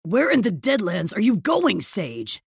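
A woman's voice: on the low side, huge pitch swings, normal speed, gravelly, breathy edge, no echo, full character voice. A woman voicing a stern male villain boss who is harsh and demanding, in an audiobook reading. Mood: angry demanding.

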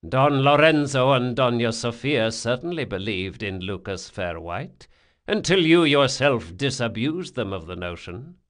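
A man voicing a cultured male captor who speaks in a smooth, slow and measured way. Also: mid-range voice, expressive, a bit bright. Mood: calm, menacing. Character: cultured mysterious male captor, calm and deliberate.

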